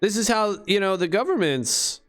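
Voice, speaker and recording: A man's voice: sits high, lively intonation, moderate pace, a bit bright, faint music behind. A man talking to his channel in a rambling, profane monologue full of rhetorical questions. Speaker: crypto vlogger.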